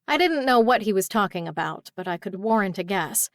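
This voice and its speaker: A woman reading a first-person urban fantasy audiobook at a mid pitch, with a tired, exasperated edge. The recording is very dry and close, with no room sound. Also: lively intonation, brisk, no echo. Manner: tired, exasperated heroine voice in dialogue. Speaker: audiobook narrator.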